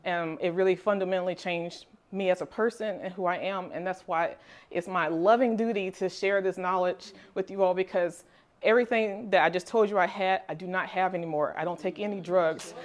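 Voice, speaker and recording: A woman's voice: lowish voice, steady tone, fairly quick. A middle-aged woman telling her personal health story to a class, earnest and candid, with frequent fillers and light laughs. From Nigerian family background. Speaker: holistic nutritionist and wellness teacher.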